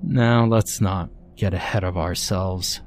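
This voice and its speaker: Man doing a careful, stammering mayor, low voice. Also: steady tone, slow. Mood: reasoning. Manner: hesitant, reasoning. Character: cautious hesitant male small-town mayor.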